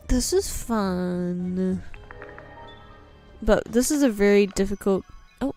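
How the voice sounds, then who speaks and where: A woman's voice: medium pitch, slow pace, pauses often, warm tone, soft background music. A tired young woman with a New Zealand accent, chatting and rambling casually while live-streaming a game late at night. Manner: chatty, rambling, self-interrupting.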